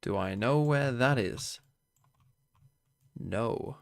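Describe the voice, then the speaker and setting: A man's voice: medium pitch, drawn-out words, creaky, no room sound, clean studio sound. A man hosting a watch-party stream, giving blunt, casual reaction commentary with frequent swearing and wry asides.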